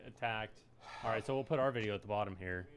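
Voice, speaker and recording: A man's voice: lowish voice, fast talker. A man hosting a casual live-streamed podcast, laughing often and restarting his sentences. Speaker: podcast host.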